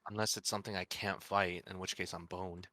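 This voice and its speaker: A man's voice: sits low, slight background noise. A man playing a board game, chatting casually, laughing often and reading game narration aloud. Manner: animated, laughs often, reads aloud quickly.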